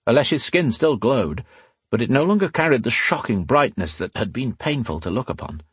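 A male narrator giving a measured, dramatic reading of a fantasy audiobook on a close mic. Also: medium pitch, expressive, husky, no echo.

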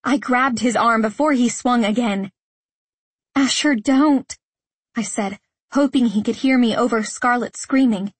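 Husky woman narrating an audiobook. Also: on the high side, normal speed, no room sound. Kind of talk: first-person audiobook narration.

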